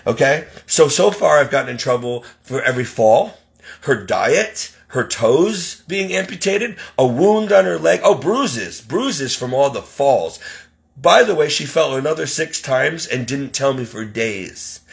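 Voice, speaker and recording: Exasperated man with a gravelly voice. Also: medium pitch, animated, a little slow. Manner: exasperated, indignant. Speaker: caregiver. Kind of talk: ranting monologue.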